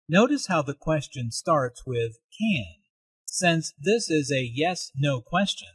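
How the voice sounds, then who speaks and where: A man narrating a scripted English lesson, explaining language points slowly and deliberately. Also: a little high, expressive, slightly rough, dry recording. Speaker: English teacher.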